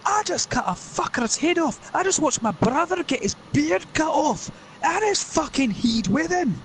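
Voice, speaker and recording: A man voicing a furious, swearing Scottish fantasy warrior in a mock Scottish accent, ranting and shouting. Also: very high-pitched, big pitch swings, slight background noise, voice pushed up, heavily acted. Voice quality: shouting, sweary, drawn-out rants.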